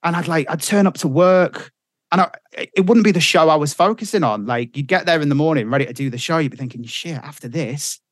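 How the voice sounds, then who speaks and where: A man's voice: a little high, fast, dry recording, studio quality. A middle-aged man, a radio presenter telling stories in casual chat, swearing freely. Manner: animated storyteller, swears freely.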